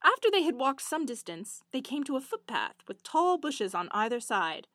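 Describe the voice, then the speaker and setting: Brief: woman storyteller, high and very animated, dry close sound. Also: moderate pace, no echo. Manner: expressive, lively storytelling. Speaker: narrator. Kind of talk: storybook narration.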